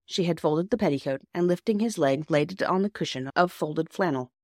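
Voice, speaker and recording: A woman narrating a classic children's novel in a gentle, measured reading. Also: sits low, no room sound, clean studio sound. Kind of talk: audiobook narration.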